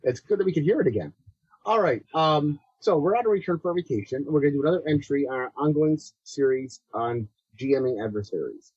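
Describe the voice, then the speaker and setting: A man's voice: on the high side, lively intonation, fast, darkish tone, husky, no echo, lo-fi sound. A man co-hosting a gaming podcast in casual chat, introducing the topic and adding brief agreeing asides. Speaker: podcast co-host.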